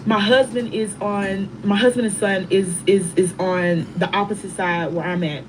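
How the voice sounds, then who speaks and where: A middle-aged woman telling a painful personal story in a soft, halting way, pausing and restarting often. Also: mid-range voice, fairly even intonation, noisy background. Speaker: bereaved mother telling her story.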